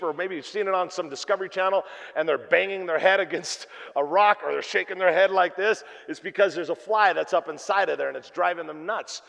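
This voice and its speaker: A man preaching a sermon as pastor, telling jokey stories and swinging between loud and hushed delivery. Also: sits high, gravelly. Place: church hall. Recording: long reverb of a church hall.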